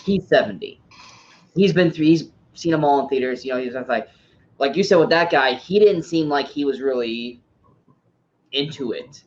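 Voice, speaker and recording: A man's voice: mid-range voice, lively intonation, moderate pace. A man hosting a casual review chat, rambling and repeating himself, often laughing through his stories. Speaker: podcast host. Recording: dull sound with faint background noise.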